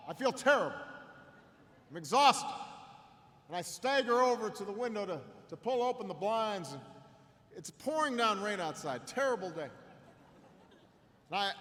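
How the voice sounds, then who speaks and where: Middle-aged male orator, high-pitched, halting repeats, long echo of a big hall. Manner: halting repetitions, slow build to shouted climax. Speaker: political candidate speaking at a rally. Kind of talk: storytelling campaign speech. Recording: long reverb in a large hall, faint noise.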